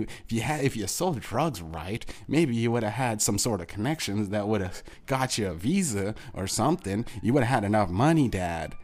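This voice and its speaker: A man's voice: on the low side, a little mellow. A Canadian man hosting his own show, delivering a heated, profane rant at his absent father, repeating himself and restarting sentences. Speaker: podcast host. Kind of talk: angry solo rant to an absent parent.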